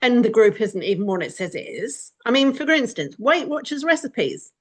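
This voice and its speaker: A woman's voice: on the high side, very animated, normal speed. Chatty, candid middle-aged woman. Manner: chatty, candid, laughs often, emphatic repeats. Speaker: vlogger giving life advice. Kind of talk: casual spoken reflection to camera. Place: home indoors by a window.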